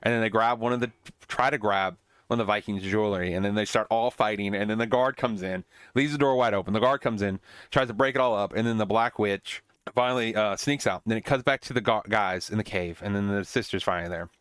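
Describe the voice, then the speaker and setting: A man's voice: on the low side, fast talker, a bit bright, clean tone, dry recording. Rambling man recapping a film. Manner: rambling, many fillers and restarts. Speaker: podcast host. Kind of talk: casual movie recap.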